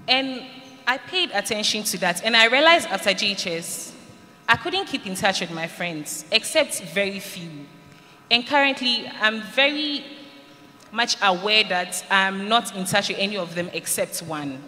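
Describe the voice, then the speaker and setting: A woman gives her personal testimony to a school audience, telling it earnestly and acting out what people said. Her voice is bright and clear. It carries a long hall reverb over faint background noise. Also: mid-range voice, lively intonation, unhurried. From Ghana. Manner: earnest storytelling, acts out quoted lines. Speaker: speaker giving a testimony. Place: large hall at a school event.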